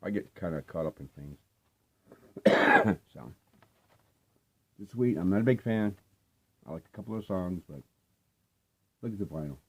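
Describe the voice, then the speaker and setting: A man's voice: low voice, lively intonation, measured pace, long pauses, husky. An older man casually showing off his record finds, talking in a loose, rambling, laid-back way with lots of fillers. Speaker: vinyl collecting vlogger. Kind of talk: casual rambling show-and-tell.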